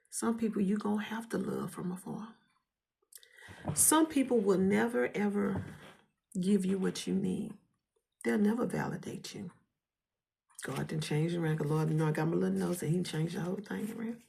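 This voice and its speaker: A woman giving an emotional spoken testimony in a fervent, preacher-like way, often dropping to a hushed whisper while holding back tears. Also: fairly low pitch, expressive, moderate pace, creaky, pauses often. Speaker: vlogger sharing a testimony.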